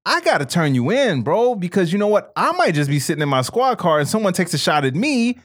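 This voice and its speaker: A man's voice: sits high, sing-song, fairly quick. A man in casual chat, emphatic, calling people bro and man, swearing freely.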